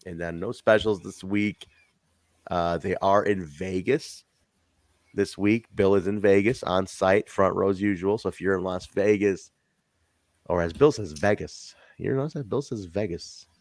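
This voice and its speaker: A man hosting a casual live-stream podcast chat, animated, swearing and joking with his co-host. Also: low voice, unhurried, dry recording.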